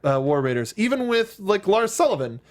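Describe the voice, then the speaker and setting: A man's voice: big pitch swings, brisk. A man hosting a casual recap chat, with a slightly raised voice. He rambles playfully, stacking tangents and jokes as he talks. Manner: rambling, playful, quotes himself in high voice. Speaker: host.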